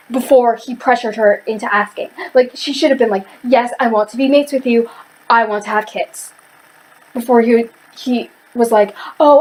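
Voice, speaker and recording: A woman's voice: on the high side, darkish tone, low-quality recording. A woman ranting heatedly in a casual book review, rambling with lots of fillers and restarts.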